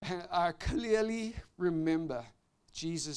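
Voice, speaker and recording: A man preaching and telling a personal testimony, shifting between loud outbursts and hushed, intimate tones. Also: fairly high pitch, expressive, a little slow, clear, resonant tone. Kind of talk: sermon testimony.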